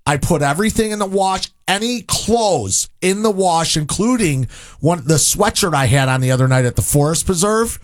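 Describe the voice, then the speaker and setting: A middle-aged man, co-hosting morning radio and telling an excitable, frantic story. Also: fairly high pitch, normal speed. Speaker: radio show co-host.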